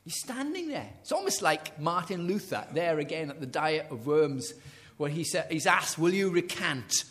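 A man preaching a sermon, dramatic, swinging from loud declarations to hushed near-whispers and retelling stories with quoted dialogue. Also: fairly high pitch, big pitch swings, moderate pace.

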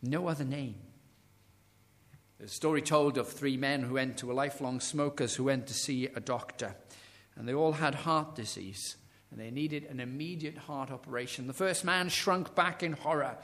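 A man preaching a sermon, dramatic, swinging from loud declarations to hushed near-whispers and retelling stories with quoted dialogue. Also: mid-range voice, moderate pace.

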